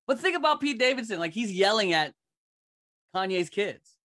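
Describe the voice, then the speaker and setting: A man's voice: high-pitched, sing-song, normal speed, a bit bright. Rambling comedian in his forties. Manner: rambling, acts out what others say. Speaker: comedian panel guest. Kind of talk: comedy panel banter.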